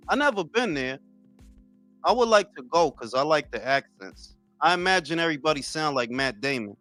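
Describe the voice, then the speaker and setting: A man's voice: very animated, moderate pace, fairly bright tone, no echo, soft background music. Forties guy on a boxing livestream, cussing and joking with chat, voice jumping up and down, dry close mic. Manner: loose, profane, joking banter with swings in pitch. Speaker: boxing talk show host. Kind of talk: casual livestream chat answering viewers.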